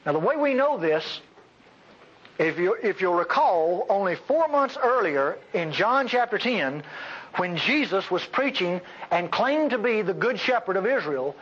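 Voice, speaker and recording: A male preacher giving a sermon, emphatic, swinging between loud outbursts and quiet asides, on a dull lo-fi recording. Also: high-pitched, husky.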